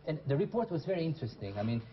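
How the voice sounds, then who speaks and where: A man's voice: fairly high pitch, very animated, rapid-fire, highs cut off. A man hosting a televised English lesson who questions his students and repeats their answers back to them. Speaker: English teacher and show host. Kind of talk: classroom teaching. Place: TV studio classroom.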